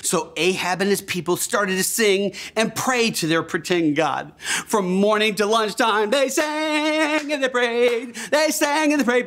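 A man's voice: high voice, a little slow, a bit bright. A man telling a Bible story to young children, enthusiastic and gasping, leading them in call-and-response.

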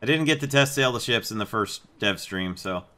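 Male game host, casual chatty commentary, bright edge to the voice. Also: fairly low pitch, expressive, a little fast. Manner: chatty, amused, puts on mock accents for jokes. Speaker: gameplay video host.

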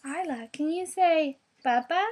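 A woman's voice: high-pitched, unhurried, darkish tone. A young woman in a home video, coaxing her baby in sing-song baby talk. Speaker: mother filming her baby.

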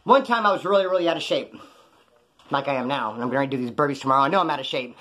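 A former prisoner telling stories about prison life in a blunt, rambling, profane way. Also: male voice, mid-range voice, very fast, pushed and bright. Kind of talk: casual storytelling monologue.

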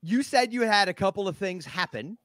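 A man hosting a casual livestream chat, lively and chatty. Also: high-pitched, brisk, no room sound. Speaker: host.

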